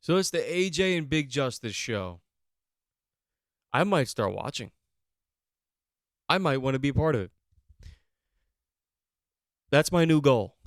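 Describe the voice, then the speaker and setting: Young guy rambling on his podcast, smooth clear voice, dry close sound. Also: medium pitch, dry recording. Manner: rambling, repetitive, swears. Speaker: podcast host. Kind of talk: casual chat.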